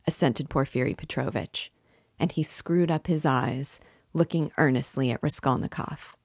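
Woman narrator, steady classic-novel read, low voice, dry close mic. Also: moderate pace, creaky, husky, dry recording. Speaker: book reader. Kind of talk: audiobook narration.

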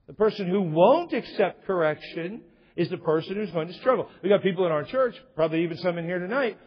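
A man's voice: sits high, animated, a little fast, slightly rough. A middle-aged male pastor preaching a sermon in a church, emphatic, asking rhetorical questions and quoting scripture. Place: church sanctuary. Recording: lo-fi echoey church recording.

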